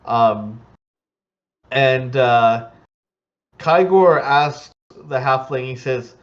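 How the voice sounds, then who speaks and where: Give me a man running a tabletop game with an unhurried, easygoing narration full of ums. His voice sits a little high. The sound is somewhat lo-fi. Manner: relaxed, many fillers. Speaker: game master.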